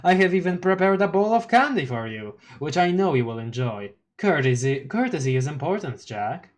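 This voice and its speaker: A polished, condescending villain who speaks with stiff formal courtesy, as a streamer puts him on. The delivery is slow and measured, weighing each word. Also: mid-range voice, big pitch swings, lightly acted. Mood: prim. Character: courteous, pompous male villain. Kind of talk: reading a webcomic aloud on stream.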